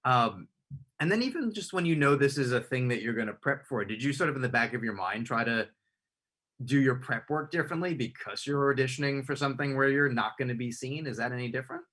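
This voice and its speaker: A man with a husky voice runs the interview. He asks long, winding questions and keeps restarting his sentences as he goes. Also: medium pitch, lively intonation, a little fast, fairly bright tone. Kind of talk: conversational interview.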